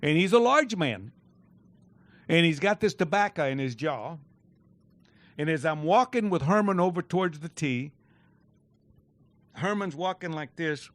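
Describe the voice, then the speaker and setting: An older man telling a lively, laughing golf story in a fireside chat, shouting out the lines he quotes. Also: on the high side, no room sound. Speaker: golf pro telling stories.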